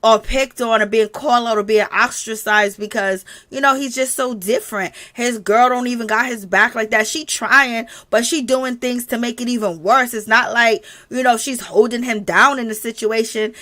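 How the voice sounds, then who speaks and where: Woman, somewhat high voice, blunt profane livestream commentary, laughs often. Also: fairly even intonation, moderate pace, hardly any pauses, bright, forceful tone. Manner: blunt, profane, laughing asides, greets chat viewers. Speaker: livestream host recapping a reality show.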